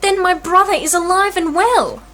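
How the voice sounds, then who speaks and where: A woman voicing a gentle, tactful young woman disguised as a boy. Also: extremely high pitch, normal speed, voice pushed up. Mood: amazed. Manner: soft, tactful.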